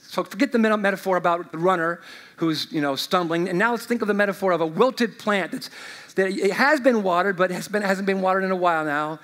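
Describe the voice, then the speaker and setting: A man preaching from the pulpit in a high, light voice. He moves from loud, rising proclamations to quiet, conversational asides full of everyday examples. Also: lively intonation, moderate pace. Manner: chatty, uses sports illustrations and fillers. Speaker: pastor. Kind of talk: sermon.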